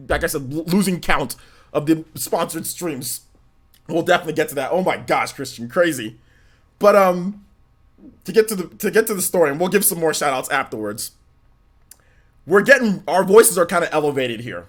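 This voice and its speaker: A young man hosting a gaming livestream, telling a story in a casual, animated way, laughing and exclaiming as he thanks viewers. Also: a little high, normal speed, soft background music. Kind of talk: casual storytelling with chat shout-outs.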